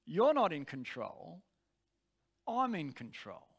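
A man voicing his own spirit as a quiet, gentle figure that speaks with firm authority, in a sermon. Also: on the high side, wildly swooping pitch, slow, husky, full character voice.

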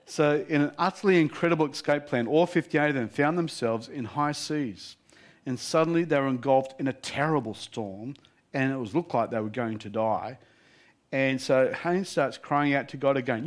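A male preacher telling a story in a sermon, lively and animated, often laughing between lines. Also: medium pitch, normal speed.

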